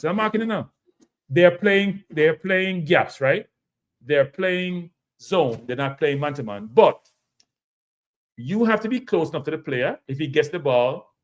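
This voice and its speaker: A man's voice: on the high side, expressive, normal speed. A man with a Jamaican accent hosting a casual football analysis show, repeating points emphatically and calling his viewers "people". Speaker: host of a live football show.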